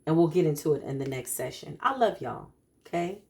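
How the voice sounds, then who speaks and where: A woman talks to her followers as a spiritual practitioner. She gets animated and emphatic, repeating lines the way a preacher does. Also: low voice, a little fast, gravelly. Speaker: spiritual practitioner giving a card reading.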